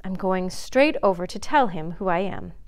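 A woman's voice: fairly low pitch, expressive, moderate pace, a little mellow, clean tone, lightly acted. A woman voicing a young male deer, anxious but determined, speaking earnestly and pleadingly.

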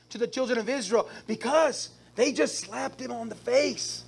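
A man's voice: very high voice, unhurried, vocal fry, breathy edge. A male pastor preaching a sermon at a church service, repeating phrases and calling out to the congregation for responses.

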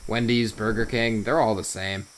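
A man's voice: lowish voice, steady tone, normal speed, a little hiss or hum. Rambling, profane gamer guy from South Jersey. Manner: rambling, profane, lots of "you know". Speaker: gaming YouTuber. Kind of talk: casual gameplay commentary.

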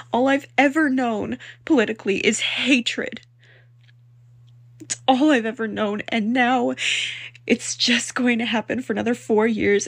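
A woman of twenty-one ranting in distress to camera, with a husky, gravelly voice. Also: fairly high pitch, no room sound. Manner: crying and laughing, distraught. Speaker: reaction clip poster. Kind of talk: emotional rant to camera.

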